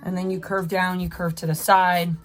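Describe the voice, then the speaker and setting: A woman's voice: fairly low pitch, little pitch movement, moderate pace, a little hiss or hum. Encouraging woman art teacher mid-drawing. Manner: encouraging, talks while drawing. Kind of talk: live drawing tutorial.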